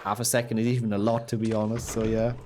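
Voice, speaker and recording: A man's voice: on the low side, flat delivery, quick pace, background noise. A young man with a sick voice, casually commentating his speedrun and answering chat. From Germany. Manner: chatty, reads and answers chat while playing. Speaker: speedrunner streamer.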